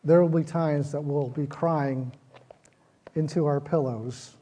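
Man, pastor, sermon, mellow tone, slightly high voice, earnest build-ups. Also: steady tone, slow. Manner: earnest, repetitive phrasing, rises in intensity.

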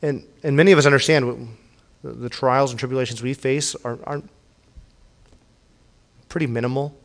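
Speaking at a normal speed with a steady, medium-pitched voice, this young or middle-aged pastor and father delivers an earnest sermon. He frequently restarts, repeating words, and grows pleading whenever he reads from scripture.

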